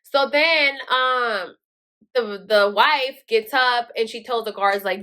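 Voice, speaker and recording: A woman's voice: a little high, takes it slowly, bright, forceful tone. A woman telling a story in a casual, chatty way, swearing often and filling her speech with "like". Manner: chatty, profane, full of "like" fillers. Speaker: vlogger.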